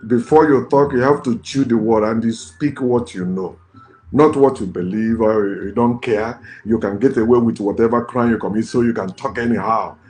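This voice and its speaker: A man's voice: mid-range voice, normal speed, a little mellow. A man, a vlogger giving ranting, scornful political commentary in a blunt way. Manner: blunt, scornful, repeats curses.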